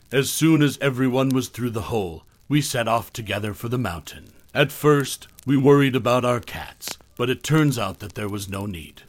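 A man tells a first-person horror tale in a measured, scripted delivery. His voice sits at an ordinary middle pitch and often sinks quieter at the ends of phrases. The recording is dry and close, with no room sound. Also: no echo. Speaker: narrator.

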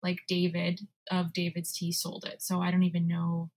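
A woman's voice: lowish voice, monotone, normal speed, darkish tone. A young adult woman co-hosting a podcast in casual chat, rambling and giggly as she talks. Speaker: podcast co-host.

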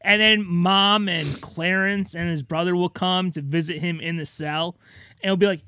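A man's voice: sits high, steady tone, normal speed, bright, forceful tone, clean tone, no echo, studio quality. A man in casual comedic chat, riffing on absurd scenarios and acting out bits in character voices.

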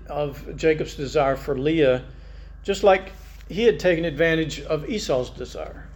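A man's voice: fairly high pitch, a little mellow. A male pastor preaching a conversational sermon, reading scripture aloud and musing over it.

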